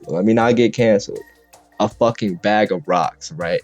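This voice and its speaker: A man's voice: lowish voice, normal speed. Young man ranting crudely, dull lo-fi. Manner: crude, exaggerated and animated, swearing often. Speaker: content creator. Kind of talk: comedic rant over gameplay. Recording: dull lo-fi mic with faint music. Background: faint background music.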